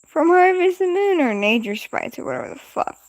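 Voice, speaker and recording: A woman's voice: very high-pitched, sing-song, normal speed, no room sound. A woman casually reacting live to a storybook, laid-back and swearing offhandedly. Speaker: streamer reacting.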